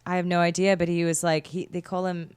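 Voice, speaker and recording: A woman's voice: lowish voice, level tone, a little mellow, clear, resonant tone, no echo. A woman co-hosting a call-in show as a guest, teasing and joking bawdily. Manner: bawdy and teasing, quick jokes. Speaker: guest co-host giving advice. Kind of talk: casual radio call-in banter.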